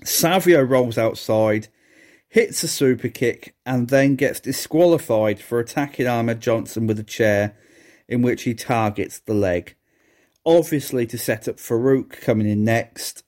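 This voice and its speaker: A man's voice: mid-range voice, a little slow, darkish tone. A man hosting a wrestling review podcast on his own, talking casually with sardonic, exasperated asides and bursts of laughter. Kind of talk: casual solo review commentary.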